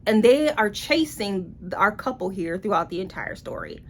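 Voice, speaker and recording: Woman doing a casual book review, blunt and a bit sarcastic, mid pitch. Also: sing-song, moderate pace, slight background noise.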